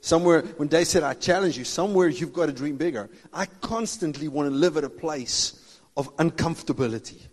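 A man's voice: a little high, fairly quick. A man preaching a sermon as a pastor, joking and laughing often and acting out Bible dialogue in different voices. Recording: long reverb of a large hall.

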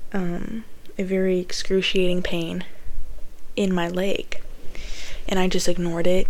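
A young woman casually telling a personal story, chatty and profane, full of fillers and quick laughs. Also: on the low side, darkish tone.

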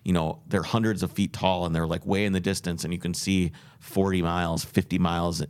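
A man's voice: deep voice, flat delivery, fairly quick, darkish tone, smooth. A man on a podcast telling a long road trip story, rambling and earnest with many restarts. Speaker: podcast host. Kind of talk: casual podcast chat.

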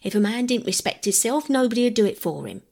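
A woman voicing a proud, gruff working-class man who talks bluntly in rough country dialect, with a breathy voice. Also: fairly high pitch, sing-song, fairly quick, darkish tone, pitched above the performer's own voice, full character voice. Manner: blunt, dialect-heavy speech.

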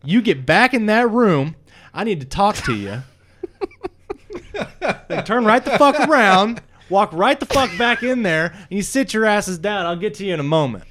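Brief: bossy, profane wrestling booker, loud and scolding, as a game master puts him on. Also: male voice, high-pitched, lively intonation, normal speed. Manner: profane, scolding, barking orders. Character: big, bossy, foul-mouthed male wrestling booker.

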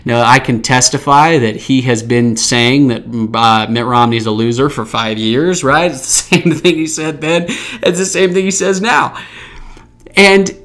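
A man in his thirties or older from Utah, hosting a podcast and telling an anecdote in a chatty, animated way. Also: medium pitch, a little slow. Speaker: podcast host. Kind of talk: storytelling anecdote.

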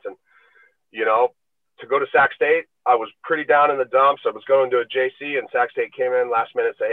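A man's voice: mid-range voice, steady tone, quick pace, dry recording. A man in his forties, a former football player, telling laid-back, rambling stories with many fillers, joining over a call from a bus. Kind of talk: casual storytelling. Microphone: remote call. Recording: dry, tinny call line.

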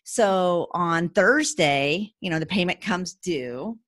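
A woman in her forties hosting a podcast, telling a personal story in a casual, animated way. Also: on the low side, slow pace, no room sound. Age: 40s. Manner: animated storyteller, acts out quotes with laughs. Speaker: podcast host.

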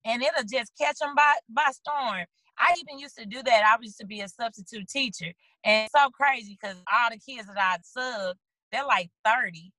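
Bright, earnest woman from St. Louis. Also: on the high side, normal speed, dry recording, rough recording. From St. Louis, USA. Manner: earnest, rambling, animated storyteller. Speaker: guest author. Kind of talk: casual interview over video call. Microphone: video call.

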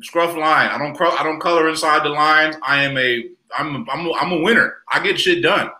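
A man's voice: fairly high pitch, brisk, sharp tone, echoey room, rough recording. A man on a podcast panel, chatting casually and playfully bragging about getting away with things. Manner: boastful, playful, trash-talking. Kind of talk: joking casual chat.

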